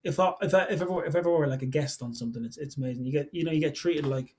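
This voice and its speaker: A young man in his twenties chatting on a podcast, rambling and stacking fillers as he goes. His voice sits slightly higher than most men's. He downplays himself easily. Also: rapid-fire, darkish tone. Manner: rambling, filler-heavy, self-deprecating. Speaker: podcast guest, songwriter. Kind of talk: casual podcast chat.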